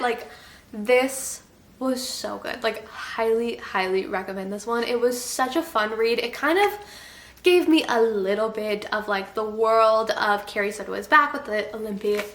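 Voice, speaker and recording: A young woman in her twenties chatting casually in a vlog, gushing and animated, swearing when she gets excited. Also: a little high, roomy sound. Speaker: book vlogger.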